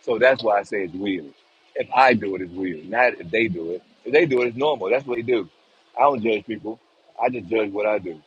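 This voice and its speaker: A man's voice: lowish voice, a little fast, breathy edge. A man live-streaming outdoors from his phone, chatting casually to his viewers in a rambling, profane way. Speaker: livestream vlogger. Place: outdoors in a city street. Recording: slightly dull lo-fi phone audio, faint street ambience.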